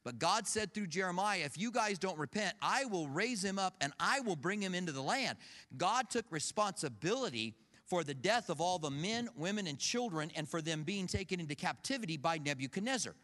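A man preaching in a conversational way, his voice a little higher than most men's and carried by the long echo of a big hall. He tells personal stories and acts out what people said in lively bursts. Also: brisk. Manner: storytelling, acts out quoted voices, animated. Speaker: pastor. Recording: long reverb of a large hall.

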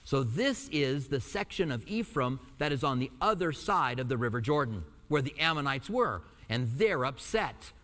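A man's voice: mid-range voice, expressive, fairly bright tone. Man preaching through a hall's reverb. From Albuquerque, New Mexico. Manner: reads scripture slowly, then explains in a conversational, lightly joking aside. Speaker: pastor. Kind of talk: verse-by-verse sermon. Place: church in Tucson. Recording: hall reverb.

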